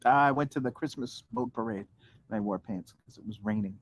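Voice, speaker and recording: A man's voice: medium pitch, fairly quick. A man co-hosting a casual podcast with his wife, adding wry, laid-back comments. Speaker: podcast co-host. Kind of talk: casual married-couple chat.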